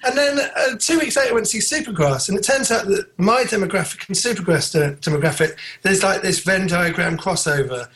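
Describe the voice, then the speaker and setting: British male comedian, animated sweary storyteller, casual chat. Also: high voice, brisk, few pauses. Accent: British English. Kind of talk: casual anecdote on a podcast.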